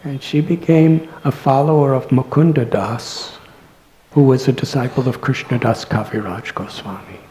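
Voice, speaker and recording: A man, a monk, telling devotional stories in a scripture class at a temple, soft-spoken and often dropping to near-whispers. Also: medium pitch, fairly even intonation, normal speed, slight background noise, rough recording. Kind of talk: devotional lecture storytelling.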